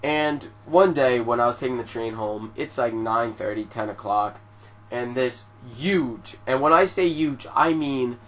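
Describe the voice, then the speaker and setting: A young man telling a story to his viewers in a casual, animated way, swearing often and filling his talk with "like". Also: medium pitch, measured pace. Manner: profane, animated storytelling with frequent fillers. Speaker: vlogger.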